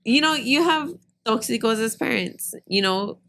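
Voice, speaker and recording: A woman telling a story in casual podcast chat, blunt and animated, acting out what people said. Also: on the high side, unhurried. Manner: blunt, animated, laughing, acts out dialogue. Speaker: podcast guest.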